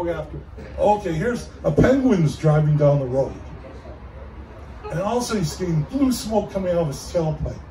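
A man's voice: on the high side, dark tone. A man telling old corny jokes as a comedian, chuckling at his own punchlines. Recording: echoey room from far off, faint background noise.

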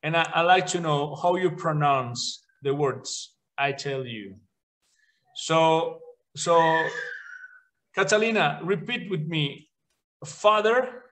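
A man with a fairly high voice teaches beginner English to children at an unhurried pace. His first language is Spanish and his English leans British. He drills word lists clearly but stumbles and restarts words when he speaks freely. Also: animated, a bit bright, poor audio. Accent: British-leaning English.

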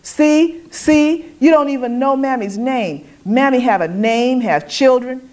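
A woman's voice: sits high, a little slow, darkish tone, voice pushed up. A woman voicing a fierce, defiant young enslaved woman who taunts and grieves in dialect. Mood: taunting.

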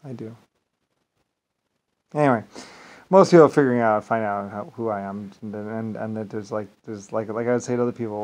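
A man giving a rambling solo monologue to camera, grandiose and self-assured, looping back on himself and swinging between loud and quiet. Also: on the low side, fairly quick, long pauses, rough recording. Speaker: vlogger.

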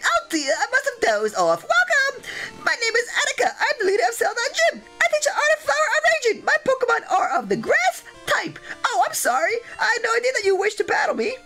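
A man voicing a dozy, prim young woman gym leader in a sing-song falsetto. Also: wildly swooping pitch, a little fast, bright, forceful tone, soft background music, heavily acted, low-quality recording.

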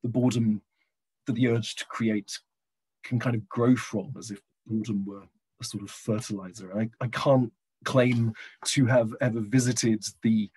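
A middle-aged man giving a reflective lecture over a video call, pausing with hesitant fillers and slowing down when he reads passages aloud. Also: lowish voice, steady tone, darkish tone, husky, poor audio. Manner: reflective, hesitant, slows down for readings. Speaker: guest lecturer and poet. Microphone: computer mic on a video call.

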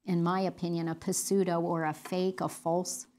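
A woman's voice: on the low side, flat delivery, normal speed, darkish tone. A middle-aged woman leading a women's Bible study, talking earnestly and conversationally with fillers and restarts.

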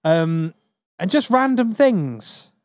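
A man co-hosting a podcast, joking and laughing often. His voice moves around a lot in pitch. It is recorded close and dry. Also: sing-song, takes it slowly, no echo. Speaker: podcast co-host. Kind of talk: casual banter.

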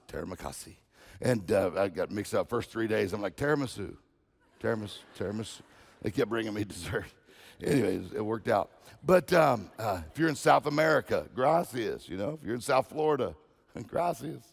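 A man's voice: medium pitch, gravelly, big-room sound. A man preaching as a guest speaker, telling folksy humorous stories and often repeating words. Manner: storytelling, folksy, repeats himself.

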